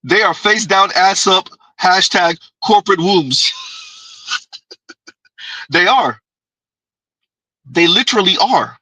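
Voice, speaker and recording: A man with a bright, sharp voice that carries a husky edge. He hosts a commentary show and drops teasing, sardonic asides between clips. The sound is close and dry. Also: high voice, slow pace, long pauses, no echo, low-quality recording. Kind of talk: reacting to clips.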